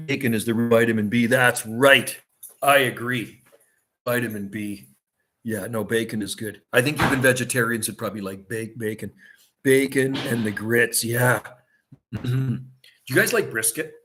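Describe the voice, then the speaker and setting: A man's voice: medium pitch, steady tone, normal speed, pushed and bright. A middle-aged man chatting casually on a livestream from a seaside vacation home, rambling and laughing often.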